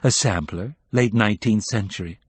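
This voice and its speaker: A blunt, teasing woman antiques dealer, put on by a male narrator in an audiobook. The voice sits low with a husky edge and a dry, close sound. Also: normal speed, no room sound.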